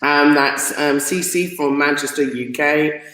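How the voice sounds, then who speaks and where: A woman hosting a live stream, reading out viewer comments and greetings in a chatty, excitable way, often laughing and stumbling over names. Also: deep voice, unhurried. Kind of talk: casual live stream chat. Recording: roomy echo.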